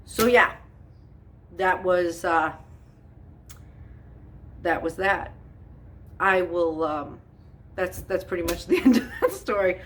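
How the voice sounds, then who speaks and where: A woman's voice: on the low side, slow pace, long pauses, fairly bright tone, distant mic, slight background noise. A woman chatting casually as she bakes in her home kitchen, telling a storytime with exasperation, lots of fillers and frequent laughs. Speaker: home cooking vlogger. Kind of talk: casual storytime while baking.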